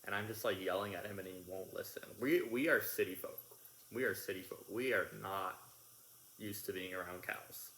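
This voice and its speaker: A young man casually telling a family story with his wife, animated in the lively parts. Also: low-pitched, moderate pace. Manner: animated, shouting in re-enacted bits. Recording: echoey room with noise.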